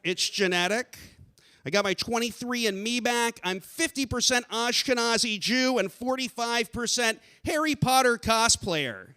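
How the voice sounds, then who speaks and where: A man doing a stand-up set on a theater stage, deadpan and self-deprecating, bursting into shouted rants. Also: very high-pitched, measured pace, clean tone. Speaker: stand-up comedian.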